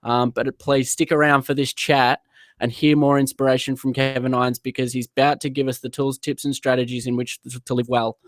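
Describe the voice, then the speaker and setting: A man from Australia hosting a live-streamed interview, earnest and halting with fillers. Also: medium pitch, flat delivery, no room sound. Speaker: podcast host.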